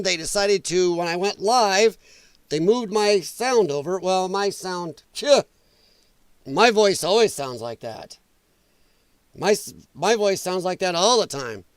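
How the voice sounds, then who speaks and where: A man hosting a casual reaction livestream, his voice strained and damaged from breathing trouble, blunt and opinionated and quick to swear. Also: high voice, clean tone, no room sound. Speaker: livestream host.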